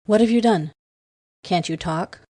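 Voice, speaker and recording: A woman's voice: mid-range voice, measured pace, warm tone, no echo, clean studio sound, close to an everyday voice. A woman reading the lines of a frightened little furred alien peddler, male, who speaks in broken, clipped phrases. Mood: scared.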